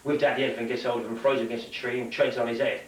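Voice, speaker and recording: A man's voice: medium pitch, flat delivery, racing. Man telling jokes, echoey. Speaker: stand-up comedian. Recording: echoey room, from far off.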